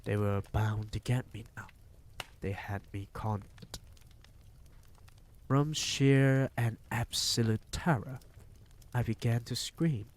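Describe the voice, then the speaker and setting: A man reading a novel aloud on a live stream, telling it in an unhurried, measured way. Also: mid-range voice.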